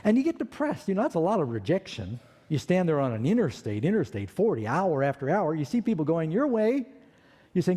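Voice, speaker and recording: A man preaching, telling his own life story in an animated way and acting out the voices of people in it. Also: a little high, a little fast, big-room sound. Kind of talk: storytelling sermon testimony.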